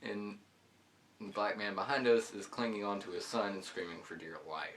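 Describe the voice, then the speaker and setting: Low-voiced man rambling over gameplay. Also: a little fast, a bit bright, slight background noise. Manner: rambling, loose storytelling with many "like"s. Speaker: gaming channel host. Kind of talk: casual storytelling over gameplay commentary.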